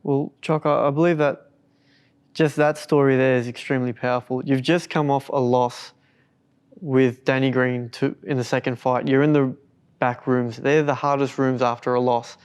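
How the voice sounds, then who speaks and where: A man hosting an interview, summing up his guest's story in a measured way. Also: mid-range voice, flat delivery, darkish tone, clean tone. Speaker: interview host.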